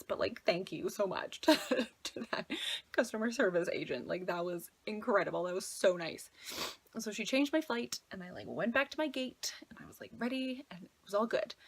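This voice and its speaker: Breathy woman in her twenties, vlogger, casual chatty delivery. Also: medium pitch. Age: 20s. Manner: chatty, fills talk with "like", anxious retelling. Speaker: travel vlogger. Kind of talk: casual storytelling.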